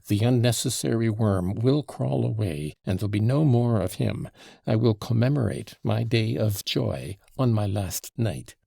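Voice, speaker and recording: A man's voice: medium pitch, gravelly, dark tone, no echo, studio quality. A man reading an audiobook, voicing an emotional young man who speaks in wild, exclamatory outbursts.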